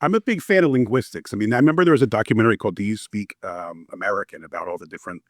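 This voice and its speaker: Male guest, low register, easygoing anecdotal storyteller, dry close recording. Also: rapid-fire, no echo. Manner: relaxed, anecdotal, lots of fillers. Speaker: former warrant investigator, guest. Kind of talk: casual interview storytelling.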